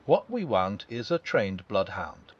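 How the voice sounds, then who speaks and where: A man reading a storybook aloud and voicing a melancholy, sardonic old grey donkey in a slow, mournful way. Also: sing-song, lo-fi sound. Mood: gloomy. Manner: slow, mournful, low-voiced.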